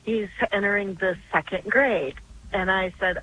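A woman's voice: mid-range voice, a little slow, a bit bright, a little hiss or hum, low-quality recording. An older woman calling in to a talk show, telling a long story earnestly and in a rambling way. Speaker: caller. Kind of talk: phone-in call.

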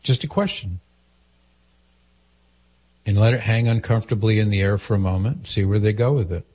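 A man's voice: on the low side, moderate pace, darkish tone, husky. A man hosting a call-in advice show, speaking directly and earnestly and posing questions to the caller. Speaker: radio advice host.

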